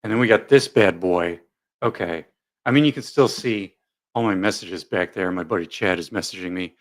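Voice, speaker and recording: A man's voice: sits low, normal speed. A man hosting a casual live commentary stream, joking, rambling, and reading viewer comments aloud.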